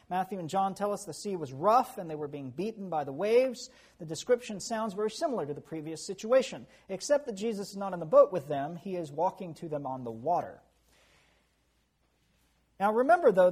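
A man preaching a sermon who tells animated stories with chuckles and asides. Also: high voice, husky. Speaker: pastor.

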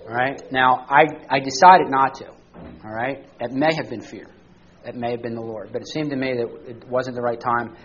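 A man's voice: medium pitch, steady tone, normal speed, a bit bright, lo-fi sound. A man teaching a church study class to a group, talking conversationally and often checking in with the listeners by asking them questions. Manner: conversational, asks the group questions, frequent "all right?".

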